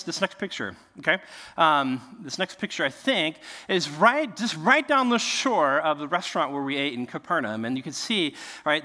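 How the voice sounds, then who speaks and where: A male pastor preaching in a large echoing hall, with a bright and forceful voice. His pitch rises and falls a lot as he tells the story with energy. He acts out the voices of the people in it. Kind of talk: sermon. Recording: long reverb of a large hall.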